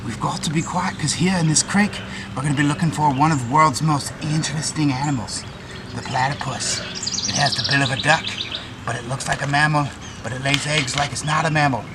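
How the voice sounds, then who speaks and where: A man's voice: on the high side, a little fast, heavy background noise. A male teacher with a cold, hamming it up as a safari guide in a playful mock nature documentary and tossing out Aussie slang. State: has a cold.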